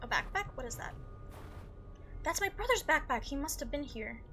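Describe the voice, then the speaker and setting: A woman's voice: high voice, animated, moderate pace, sharp tone, slight background noise. A woman hosting a let's-play, giving nervous, jumpy commentary and talking back to the game. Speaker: gaming video host.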